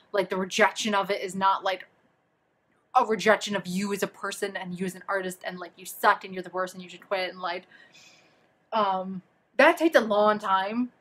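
A young woman talking casually to camera, chatty and animated, giving freelance copywriting advice with many fillers and asides. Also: medium pitch.

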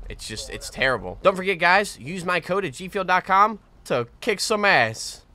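A man giving casual gameplay commentary as a gaming video host, excitable and swearing often, with frequent laughs. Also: high voice, normal speed, a little hiss or hum. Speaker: gaming YouTuber. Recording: game gunfire behind voice. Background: game gunfire and explosions.

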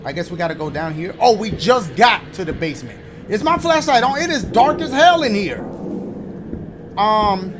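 A gaming channel host runs a let's-play of a horror game, joking and swearing through his reactions and yelping when startled. His voice sits high and animated at normal speed, with music playing in the background.

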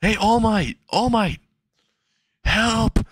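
A man's voice: sing-song, moderate pace, creaky, fairly bright tone, heavily acted. A man voicing a frantic teenage boy hero who squeals for help. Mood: panicked. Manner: shrill, pleading.

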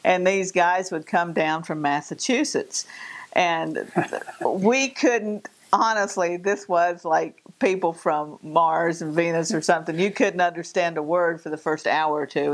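A woman from Virginia and North Carolina with a Southern Appalachian accent, co-hosting a casual chat and telling animated stories. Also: fairly low pitch. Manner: animated storyteller, mimics voices. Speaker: co-host.

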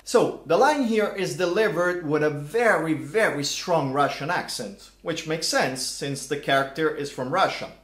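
A middle-aged man hosting a casual vlog, animated and theatrical, with mock outrage. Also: fairly high pitch, unhurried, hardly any pauses. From Italy. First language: Italian. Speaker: language channel host. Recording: echoey room.

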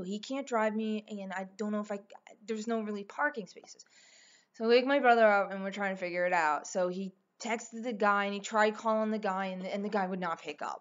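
A woman's voice: medium pitch, brisk. A young woman telling a story casually as a vlogger, rambling and emphatic, swearing often and acting out what people said. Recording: slightly dull lo-fi recording.

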